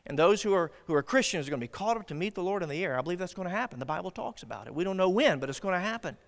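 A man preaching a sermon as pastor, swinging from loud declarations to hushed asides. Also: high-pitched, animated, racing, gravelly, long reverb tail.

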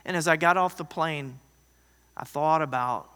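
A man preaches in a large church hall, his bright voice sitting a little high. He tells his story dramatically, rising loud and then dropping to near whispers. Long reverb trails after each phrase. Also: moderate pace. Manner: storytelling, swings from loud to hushed. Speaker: pastor. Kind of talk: sermon.

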